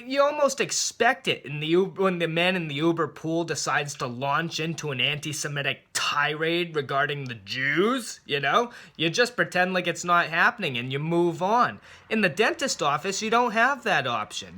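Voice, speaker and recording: A man telling a comic story, with a sarcastic, animated delivery full of exaggerated asides. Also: on the high side. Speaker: comedian storyteller. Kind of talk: comic monologue.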